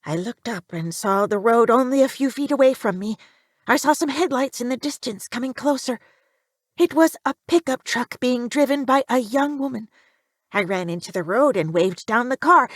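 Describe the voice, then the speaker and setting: A woman reads a creepy first-person tale aloud, her voice pitched a little high. Her delivery is tense and emphatic, and the recording is close and dry, with no room sound at all. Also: normal speed, dry recording. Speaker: narrator. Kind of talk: dramatic horror story reading.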